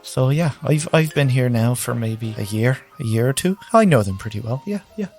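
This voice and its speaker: A man's voice: medium pitch, lively intonation, normal speed, darkish tone, faint music behind, lightly acted. A man voicing a jittery young starship engineer who stammers and repeats his words. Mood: nervous.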